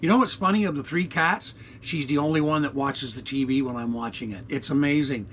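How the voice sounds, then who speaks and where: Filmed on an action camera inside his RV, this sixty-something vlogger rambles unscripted, blunt and profane, with plenty of fillers. He talks fairly quickly in a medium-pitched, fairly bright voice, with slight background noise.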